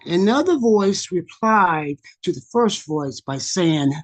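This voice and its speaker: A male poet performs his verse in a slow, measured way, with pauses that give the lines weight. His voice has a husky grain, and the sound comes through a video call. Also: high-pitched, expressive, low-quality recording. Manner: measured, dramatic delivery. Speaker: featured poet. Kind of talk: performance poetry reading.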